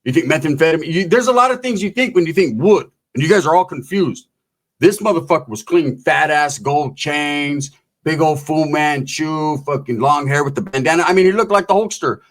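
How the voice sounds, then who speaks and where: A man telling a profane, comedic story in an animated, swaggering way, full of slang. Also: a little high, normal speed.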